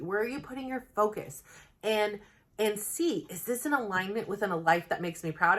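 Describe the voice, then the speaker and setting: A woman's voice: mid-range voice, a bit bright. A woman and mother talking to camera in a rambling, earnest self-help vlog, heartfelt and full of filler words. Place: home, new plain backdrop.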